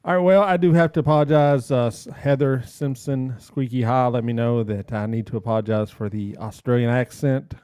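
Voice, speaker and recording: A man's voice: medium pitch, brisk, hardly any pauses, smooth, no echo. A man hosting a casual podcast chat, joking around and laughing often. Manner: laughs often, animated and jokey. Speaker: podcast host.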